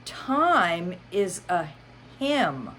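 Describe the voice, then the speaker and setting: A woman voicing an eccentric, riddling male hatter in a storybook reading, pitched high and theatrical. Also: sing-song, extremely slow, fairly bright tone, a little hiss or hum, full character voice. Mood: whimsical. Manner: high, sing-song, theatrical.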